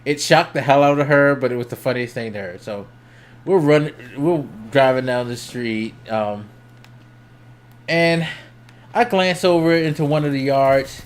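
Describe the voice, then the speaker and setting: Young guy on stream telling a story, cusses a lot, gets loud and high when hyped, mid-range voice. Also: unhurried. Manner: animated, swears freely, voice jumps up when excited; laughs between lines. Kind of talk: casual storytelling.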